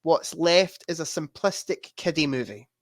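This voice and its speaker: A man's voice: a little high, lively intonation, normal speed, no room sound, studio quality. A man co-hosting a podcast, quizzing his friend on movies in casual chat and laughing as he gives clues. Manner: laughs while giving clues. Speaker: podcast co-host quizzing a guest.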